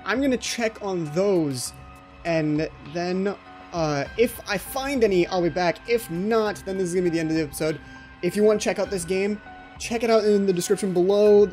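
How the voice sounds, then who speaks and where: A man's voice: sits high, fairly quick, darkish tone, soft background music. A man giving horror game let's play commentary as the channel host, jumpy and anxious, often repeating his pleas.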